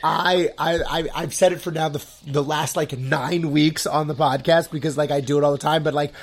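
A young man hosts a casual podcast chat, talking in long, rambling runs packed with fillers. His voice sits a bit high for a man. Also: normal speed. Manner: rambling, full of "like" fillers, excitable. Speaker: podcast host.

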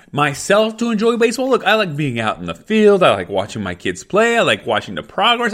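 Heated, profane man with a lively high voice. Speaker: parent venting on camera. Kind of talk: angry profane rant.

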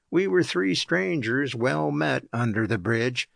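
A man reading an audiobook aloud as narrator, in a measured, even storytelling manner. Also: medium pitch, gravelly, no room sound, clean studio sound. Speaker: audiobook reader.

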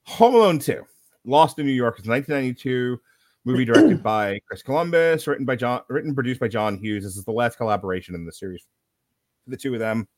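A male podcast co-host rattles off a sardonic, profanity-laced movie recap for a casual comedic review. His mid-range voice is animated, quick, and somewhat dark in tone, with clean studio sound and no room noise.

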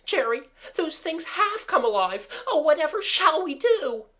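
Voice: medium pitch, sing-song, a little slow, a bit bright, voice pushed up. A reader voicing a frightened young girl who shrieks in panic. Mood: panicked.

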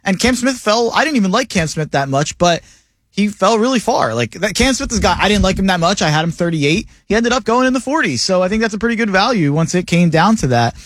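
A man co-hosting a sports radio show, talking casually and enthusiastically, his pitch jumping up when he gets excited. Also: fast talker, dry recording. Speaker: co-host, draft analyst. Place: radio studio.

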